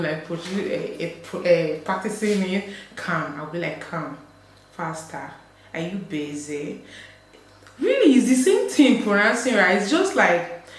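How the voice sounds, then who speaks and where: A young woman from Nigeria with a Delta Nigerian accent, chatting casually to camera, laughing often and acting out voices she quotes. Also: on the low side. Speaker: vlogger. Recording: very echoey room, faint background hum.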